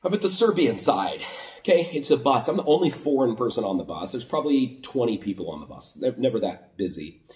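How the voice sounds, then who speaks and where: A man's voice: medium pitch, sing-song, brisk, darkish tone, reverberant, far from the mic. A man from the United States casually retelling a border crossing story, acting out both sides of the conversation. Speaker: vlogger.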